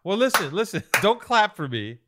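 A man's voice: high-pitched, very animated, moderate pace, heavy background noise. A man co-hosting a podcast, telling a long story in casual chat, swearing often and restarting his sentences. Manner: rambling, profane storytelling with many restarts. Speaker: podcast co-host.

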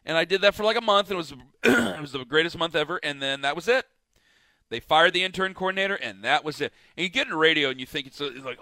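A man co-hosts a sports talk show in loose, rambling banter, poking fun at himself and trailing off quietly. His voice is bright and slightly high. The sound is dry and close to the studio mic. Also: expressive, fast talker, dry recording. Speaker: radio co-host. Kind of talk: casual sports radio banter.

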